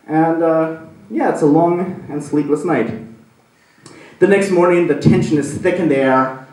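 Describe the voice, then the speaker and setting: A man doing stand-up, telling a story in a rambling, animated way with plenty of fillers. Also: fairly high pitch, unhurried. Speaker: stand-up comedian. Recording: echoey room from a distant mic.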